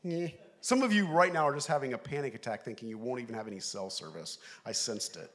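A middle-aged man preaching a sermon, telling a story animatedly, laughing along and shouting the lines he quotes. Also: medium pitch, lively intonation, fast talker. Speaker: pastor.

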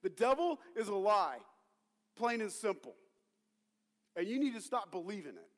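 A man preaching a sermon as pastor, rallying the congregation and calling on them to shout back. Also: high-pitched, sing-song, normal speed. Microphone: handheld or stage mic. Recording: long reverb of a large hall.

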